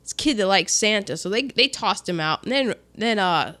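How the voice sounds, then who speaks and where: A woman's voice: mid-range voice, animated, moderate pace, sharp tone. A middle-aged woman in casual chat, animatedly retelling film scenes and slipping into voices.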